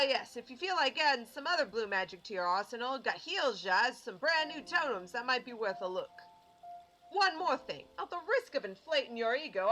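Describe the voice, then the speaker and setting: A shrewd, cheerful ringmaster, as a woman puts him on, chatty and wry, with a bright, slightly high voice. He sounds like he's letting you in on a scheme. The lines are read from a game story. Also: rough recording.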